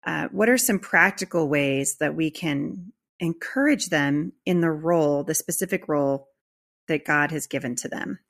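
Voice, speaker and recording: A woman's voice: sits low, moderate pace. Encouraging woman hosting a podcast. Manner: warm and encouraging. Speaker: podcast host. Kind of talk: casual chat.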